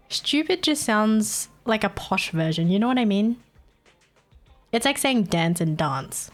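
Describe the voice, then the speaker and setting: A woman's voice: mid-range voice, sing-song, unhurried, soft background music. Giggly Australian woman streamer. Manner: giggly, chatty, mocks accents. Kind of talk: casual live-stream chat.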